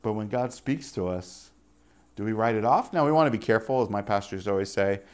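A man preaching a casual sermon, full of rhetorical questions and offhand jokes, swinging between loud emphatic lines and quiet asides. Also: medium pitch.

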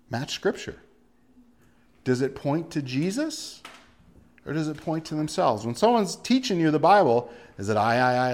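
A man preaching a sermon in a fairly high voice. He hammers his points with rhetorical questions and repeated words. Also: darkish tone. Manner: emphatic, full of rhetorical questions and repetition. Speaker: pastor.

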